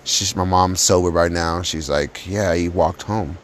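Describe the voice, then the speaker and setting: A man's voice: deep voice, steady tone, a little slow, slight background noise. A man telling a personal story about his past in a casual, blunt and profane way.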